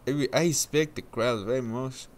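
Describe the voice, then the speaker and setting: A man imitating a self-assured male racing driver with slow, simple phrases and a raised voice. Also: mid-range voice, voice pushed up, close to an everyday voice. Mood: smug, polite.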